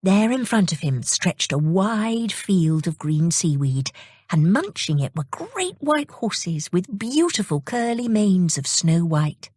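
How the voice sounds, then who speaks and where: A woman reading children's stories aloud in a slow, expressive storytelling manner. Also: on the low side, breathy edge, dry recording, clean studio sound. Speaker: audiobook reader.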